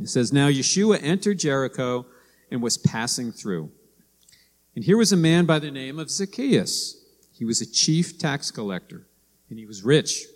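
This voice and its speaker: A man preaching a sermon, telling stories and acting out quoted lines in a lively way. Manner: storytelling, acts out quoted lines with rising pitch. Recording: long hall reverb.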